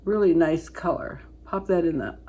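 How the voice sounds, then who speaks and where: A woman in her seventies chatting casually through a makeup tutorial, rambling into family stories and then going soft when she works on her eyes. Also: on the low side, moderate pace. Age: 70s. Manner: chatty storyteller, rambling with fillers, dropping to soft asides while applying makeup. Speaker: beauty vlogger.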